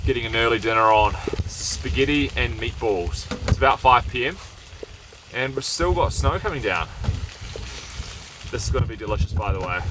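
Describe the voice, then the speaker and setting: A man's voice: mid-range voice, lively intonation, normal speed. A man from New Zealand chatting casually to the camera on a winter camping trip in a snowstorm. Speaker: outdoor vlogger. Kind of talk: casual vlog narration. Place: outdoors in a snowstorm and a camp shelter. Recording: wind noise on the mic.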